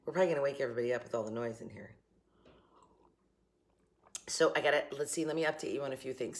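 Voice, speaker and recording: Her voice is bass-deep with vocal fry as this middle-aged Southern woman vlogs casually from her home kitchen. She's chatty and cheerful, laughing often, with a slight morning cough.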